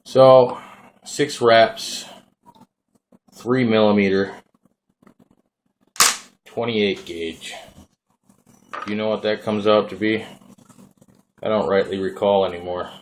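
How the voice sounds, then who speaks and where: A man's voice: lowish voice, fairly even intonation, slow pace, long pauses, noisy background. A man from Minnesota with a Minnesotan accent, rambling casually as he demonstrates his hobby gear in a vlog. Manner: laid-back, rambling, folksy. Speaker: vaping hobbyist vlogger. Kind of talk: casual hands-on demo.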